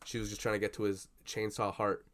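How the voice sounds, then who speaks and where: A young man chatting casually at his desk about a film he just saw, rambling and swearing with lots of fillers and excited bursts. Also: on the low side, a little fast. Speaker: vlogger. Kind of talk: casual movie reaction chat. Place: at a desk indoors. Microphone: computer webcam.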